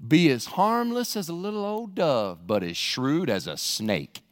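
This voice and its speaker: Man, lively high-pitched preaching, church hall reverb. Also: unhurried. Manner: animated, jokey, jumps into loud shouts. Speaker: pastor. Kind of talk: sermon. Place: church sanctuary.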